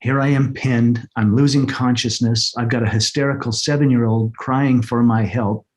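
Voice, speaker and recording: Earnest middle-aged man, halting retelling. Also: mid-range voice, steady tone. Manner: halting, repeats words, earnest. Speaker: interview guest. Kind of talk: emotional personal storytelling. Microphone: podcast microphone.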